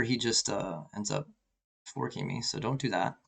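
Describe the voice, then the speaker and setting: Gravelly man muttering over chess moves. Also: on the low side, normal speed, a bit bright. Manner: anxious, self-deprecating thinking aloud. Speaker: chess streamer. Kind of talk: live commentary while playing online chess.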